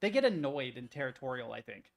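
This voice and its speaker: A man's voice: mid-range voice, sing-song, fast talker, vocal fry. A young man streaming, chatting casually and reacting to articles, swearing freely and rambling through stories. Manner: profane, rambling, easily amused.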